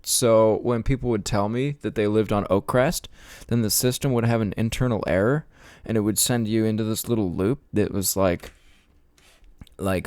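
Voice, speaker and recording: A man's voice: lowish voice, moderate pace, darkish tone, clean tone, no room sound, studio quality. A man hosting his podcast, ranting in a casual, profane, sarcastic and rambling way. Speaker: podcast host.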